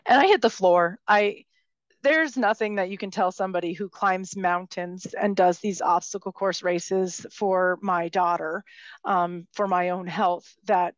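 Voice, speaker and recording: A woman's voice: fairly low pitch, a little slow, dry recording, lo-fi sound. A woman giving a personal storytelling talk, speaking in a passionate, vocal way. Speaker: speaker at a live talk event.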